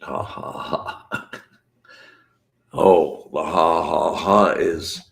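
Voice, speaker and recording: Very deep, gravelly man rambling late at night. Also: fairly even intonation, drawn-out words. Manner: rambling, drifting, talking to the chat. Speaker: channel host. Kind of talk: casual late-night live stream chat.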